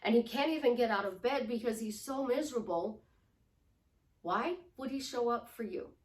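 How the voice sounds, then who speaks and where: A middle-aged woman life coach giving a lively coaching talk, acting out affirmations in shifting tones. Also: on the high side, normal speed. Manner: animated, acts out affirmations in different tones. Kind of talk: coaching monologue. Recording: roomy sound from a distant mic.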